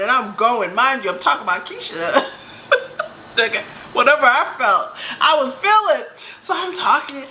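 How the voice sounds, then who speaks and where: A young woman casually telling a storytime, animated and laughing, acting out other people's lines in high voices. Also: measured pace, a little hiss or hum. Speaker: storyteller vlogger.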